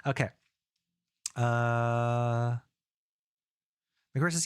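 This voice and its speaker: Man, game-dev streamer, lowish voice, dry close sound, relaxed rambling think-aloud delivery. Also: measured pace, long pauses, dry recording. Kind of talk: casual live-coding stream.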